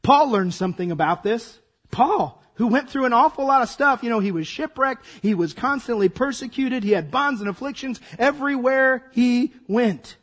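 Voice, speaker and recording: A man preaching a sermon as pastor, his voice hoarse and raspy, acting out dramatic asides. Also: very high voice, expressive, moderate pace, fairly bright tone.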